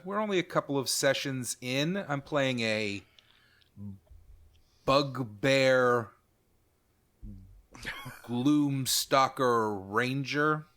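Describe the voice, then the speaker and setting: A man's voice: mid-range voice, bright, forceful tone. A man hosting a podcast in casual chat, talking in an easygoing, rambling, self-mocking way. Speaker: podcast host.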